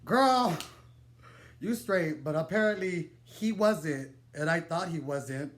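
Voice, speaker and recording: A young man telling a wild personal story to the camera, animated and dramatic, swearing freely and laughing through his digressions. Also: fairly high pitch, a little slow. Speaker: vlogger. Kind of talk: storytime vlog, casual and profane.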